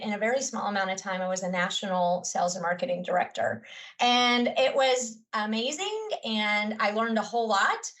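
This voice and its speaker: A woman's voice: medium pitch, fairly bright tone, recorded from a distance, poor audio. A woman in her forties, a teacher, telling her story in an earnest, heartfelt way with many fillers. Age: 40s. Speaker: teacher and guest. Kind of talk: personal story in a podcast conversation.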